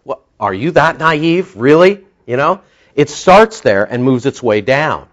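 A man's voice: medium pitch, sing-song, unhurried. Impassioned male preacher, lo-fi recording. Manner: impassioned, rising to emphatic outbursts. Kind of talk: sermon. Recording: dull lo-fi sound.

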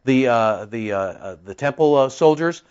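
A man's voice: mid-range voice, animated, normal speed, darkish tone, smooth, lo-fi sound. A man preaching an expository Bible-teaching sermon, emphatic and fond of rhetorical questions and pointed retorts.

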